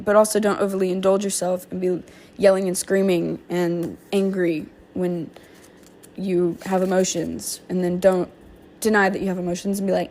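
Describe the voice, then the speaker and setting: A woman in a casual vlog, reading guided meditation steps aloud in a slow, calm voice and breaking in with offhand, informal asides full of "um" and "like.". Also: on the low side. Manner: informal fillers and slang like "um", "like", "y'all". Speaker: vlogger sharing therapy skills lessons.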